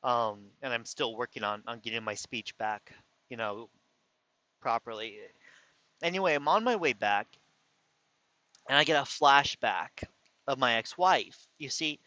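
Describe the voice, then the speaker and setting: A man vents through a rambling personal story, his speech carrying a slight lisp and softly slurred words as he corrects himself along the way. His voice sounds bright and forceful. The recording is dry and a little dull, like lo-fi audio. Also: medium pitch, animated, measured pace, no echo. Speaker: vlogger. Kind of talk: casual venting story.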